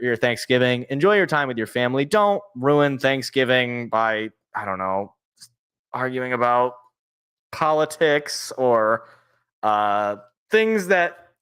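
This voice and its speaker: A man's voice: medium pitch, fairly bright tone, clean tone. A young man hosting his own sports show, chatting casually and rambling into joking, self-deprecating tangents. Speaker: sports podcast host. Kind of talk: casual solo sports talk.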